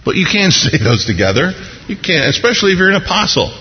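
A man's voice: sits high, sing-song, fast. Male pastor, joking sermon style, long hall reverb, dull radio sound. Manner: folksy, humorous, acts out scenes with voices.

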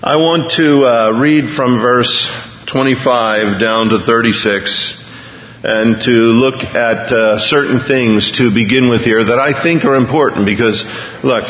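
A man's voice: medium pitch, unhurried. A man preaching a conversational sermon, earnestly reading news items aloud to his congregation. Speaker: pastor. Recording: lo-fi recording with long hall reverb.

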